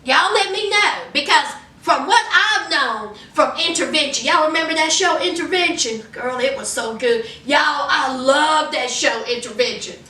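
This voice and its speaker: A high-voiced woman recaps a reality show in an animated, chatty style and talks right to her viewers. Her tone is bright and sharp. She sits back from the mic in an echoey room. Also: moderate pace, hardly any pauses, distant mic. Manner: animated, talks straight to viewers, retells scenes. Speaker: recap vlogger.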